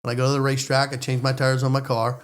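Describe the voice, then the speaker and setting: An American man telling a story in a lively, excitable way, speaking in quick bursts. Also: mid-range voice. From United States. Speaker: storyteller guest. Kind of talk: animated storytelling.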